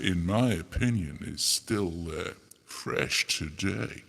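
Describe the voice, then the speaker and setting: A man hosting a casual demo of audio effects, his voice run through a harmonizer pitch effect, joking and rambling in a self-mocking way. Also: slow pace, gravelly, over loud music. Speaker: host demonstrating audio effects.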